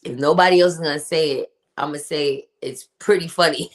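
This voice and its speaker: A woman with an unusually deep voice hosts a casual livestream. She talks in a chatty, emphatic way and greets chat viewers by name as she goes. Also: fairly even intonation, brisk, hardly any pauses. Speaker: podcast host reading live chat.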